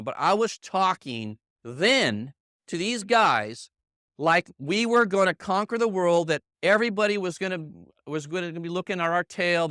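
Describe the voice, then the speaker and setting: A middle-aged man with a bright, forceful voice, a little higher than most men, driving home a motivational sales training. He hammers his points by repeating them, keeps checking in with the room, and turns to colleagues by name. The sound is close and dry. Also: no echo. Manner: emphatic, repeats himself, checks in with "okay?" and "right?". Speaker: sales team leader giving a training. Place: meeting room with a live audience.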